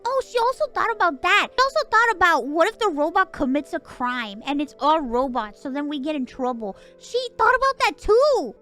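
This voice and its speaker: Woman streamer, very bright, animated, profane, casual storyteller. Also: very high voice.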